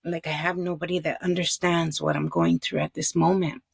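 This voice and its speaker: A woman's voice: sits low, little pitch movement, normal speed, creaky, husky, no room sound, clean studio sound. A middle-aged woman from Hawaii, a podcast guest earnestly telling a heartfelt personal story.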